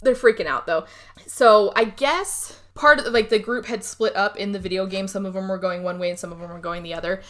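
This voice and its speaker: Lady podcaster retelling a movie plot, chatty, jumps into the characters' voices. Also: medium pitch. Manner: animated storytelling, acts out characters in quick bursts. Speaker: podcast co-host. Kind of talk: casual movie recap.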